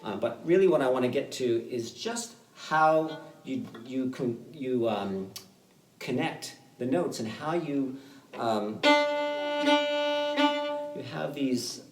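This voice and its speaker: A man teaching fiddle in an online workshop. He explains in a relaxed, halting way, with many fillers. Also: medium pitch, over loud music. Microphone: video call. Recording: roomy sound, mic at a distance, loud fiddle playing.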